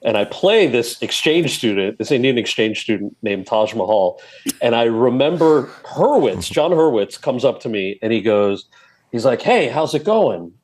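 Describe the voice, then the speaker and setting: A New Jersey man in his forties appears as a podcast guest, telling a casual story at a moderate pace in a mid-range voice. He's animated and acts out the dialogue he quotes.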